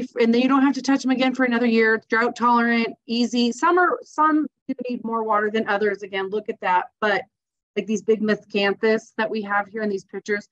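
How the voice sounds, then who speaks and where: A woman presents landscape design ideas in a casual, enthusiastic way, chatting through her slides with frequent fillers. Her voice sits at an ordinary middle pitch. The recording sounds dull and lo-fi. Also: a bit bright.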